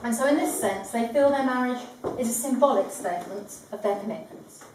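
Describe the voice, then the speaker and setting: A woman's voice: on the high side, a little fast, background noise. A woman officiating a wedding, delivering a formal ceremony address with a composed, lightly humorous manner. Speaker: wedding celebrant. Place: large echoing room at a ceremony. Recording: echoey room from far off.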